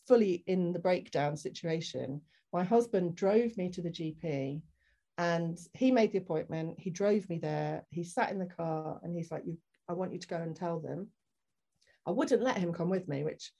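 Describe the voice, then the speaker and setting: A woman's voice: lowish voice, normal speed, gravelly. A woman guest on a podcast, telling a personal story candidly and acting out the people in it. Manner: animated, acts out the people in her story.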